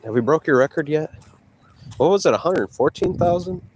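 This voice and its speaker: A man's voice: fairly high pitch, lively intonation, moderate pace, background noise. Taunting man vlogging on a walk. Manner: taunting, boastful, talks to a rival between breaths. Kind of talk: trash-talking walk vlog. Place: outdoors on a walk.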